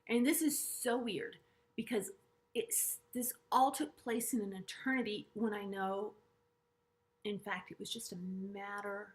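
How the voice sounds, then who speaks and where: A middle-aged woman earnestly telling a personal story to camera, halting and restarting often and dropping to hushed asides. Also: medium pitch, steady tone. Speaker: vlogger sharing a personal story.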